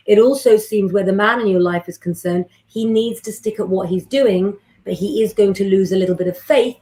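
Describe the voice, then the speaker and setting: A woman, hosting a live astrology stream and chatting with viewers in a rambling way. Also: medium pitch. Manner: warm, chatty, rambling, gives readings to viewers by name.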